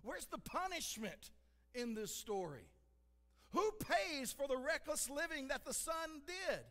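A man's voice: very high-pitched, big pitch swings, a little slow, fairly bright tone. A man preaching a sermon as a pastor, earnest and conversational, repeating "listen" to press his points. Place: church sanctuary. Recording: long hall reverb.

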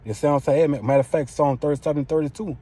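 A male preacher gives an informal sermon in a rapid, rolling delivery. His voice is husky and dark in tone. He talks in a rough, profane street manner and keeps peppering his lines with "man". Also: a little high, steady tone. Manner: profane street-style preaching, constant "man" and "you know what I'm saying".

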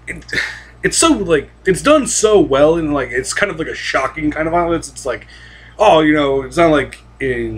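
A man's voice: medium pitch, a bit bright, slightly rough. A young man talking casually and rambling about anime, swearing freely and restarting his sentences with lots of fillers. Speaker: anime vlogger.

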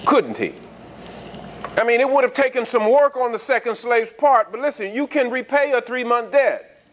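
A man's voice: extremely high pitch, lively intonation, normal speed. A man preaching a sermon in a conversational style, asking the congregation frequent rhetorical questions and repeating words as he restarts. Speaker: pastor.

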